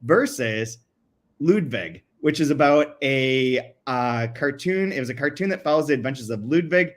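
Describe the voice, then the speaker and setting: A man's voice: medium pitch, animated, moderate pace. Giggly man sharing odd trivia. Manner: giggly, laughs often mid-sentence. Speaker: podcast co-host. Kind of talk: casual chat, reading quotes aloud.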